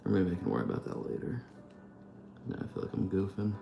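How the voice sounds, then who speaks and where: A young man hosting a live stream, chatting casually and rambling as he thinks out loud and answers chat. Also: low-pitched, very animated, fast talker, creaky, lo-fi sound, over music. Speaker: live-stream host painting cards.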